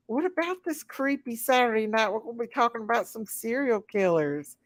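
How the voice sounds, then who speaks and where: A woman's voice: on the high side, expressive, moderate pace, hardly any pauses, no echo, studio quality. A woman hosting a casual late-night live chat, greeting viewers one by one and laughing often. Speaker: livestream host.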